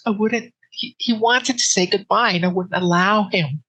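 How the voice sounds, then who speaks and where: A woman telling her personal grief story in an interview, with earnest, halting speech full of restarts that sits close to tears. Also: medium pitch, breathy edge, no room sound, low-quality recording. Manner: soft and emotional, close to tears.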